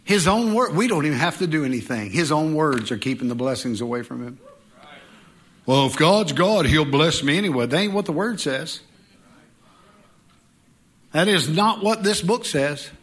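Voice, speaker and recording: A middle-aged pastor preaching a sermon in an animated way, with joking asides and mock voices. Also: male voice, fairly high pitch, normal speed.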